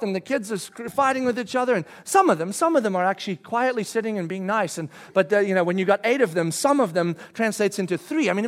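Brief: middle-aged man, very high voice, lively storyteller who acts out shouted quotes. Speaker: father telling a family story. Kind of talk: storytelling talk to an audience.

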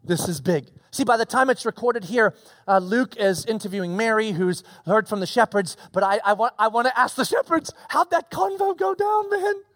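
A man preaching a casual expository sermon, animated and conversational with slangy asides. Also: very high-pitched, moderate pace, no echo.

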